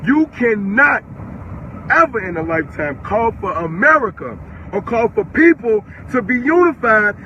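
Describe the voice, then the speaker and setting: A man's voice: sits high, sing-song, unhurried, pushed and bright, highs cut off, slight background noise. An eighteen-year-old man from the Chicago area, ranting on a livestream, furious and profane, repeating himself. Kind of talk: angry livestream rant.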